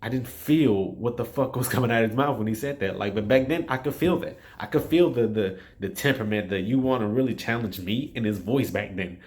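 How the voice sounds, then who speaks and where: A man's voice: lowish voice, lively intonation, a little fast, hardly any pauses, darkish tone. A man giving a casual spoken film review, rambling and frustrated, with frequent restarts and swearing. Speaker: movie reviewer.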